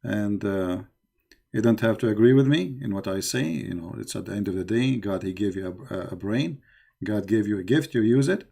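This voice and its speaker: Gravelly dark-voiced man host. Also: on the low side. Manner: plain speech with many fillers and repetitions. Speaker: host of a call-in show. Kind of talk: casual closing talk to listeners on faith.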